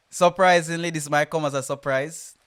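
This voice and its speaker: A young Jamaican man co-hosting a casual podcast chat, easygoing and quick to laugh. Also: a little high, a bit bright, clear, resonant tone. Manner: easygoing, laughs often, thoughtful. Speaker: podcast co-host.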